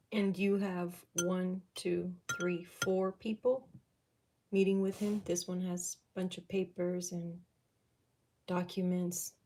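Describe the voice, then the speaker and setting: A woman doing a live-streamed psychic reading, talking in a halting, emotional way as she thinks aloud. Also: lowish voice, flat delivery, darkish tone, a little hiss or hum. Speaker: psychic reader.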